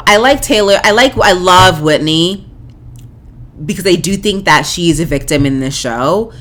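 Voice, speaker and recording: A woman's voice: on the low side, fairly bright tone. A woman hosting a podcast, giving casual, opinionated commentary with frequent fillers and restarts. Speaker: podcast host. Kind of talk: casual commentary on a reality show.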